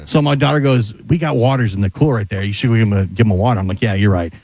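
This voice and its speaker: A man's voice: on the low side, racing, no room sound. A man on a radio show with a mid-range voice who races through his story and quotes everyone in it. His studio mic gives a close, dry sound. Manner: animated anecdote teller quoting people. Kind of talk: casual radio talk.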